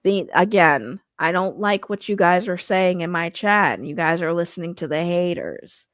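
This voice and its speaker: A woman's voice: no echo, clean studio sound, lightly acted. A woman doing a nasal, condescending filmmaker guy. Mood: defensive. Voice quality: nasal, congested. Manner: low, slow, trying to sound articulate. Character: condescending nasal male indie filmmaker, defensive. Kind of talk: parody impression.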